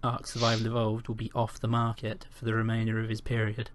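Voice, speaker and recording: A man's voice: on the low side, completely flat delivery, quick pace, a little hiss or hum. Opinionated man hosting a podcast. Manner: opinionated, emphatic. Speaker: podcast host. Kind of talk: casual podcast chat.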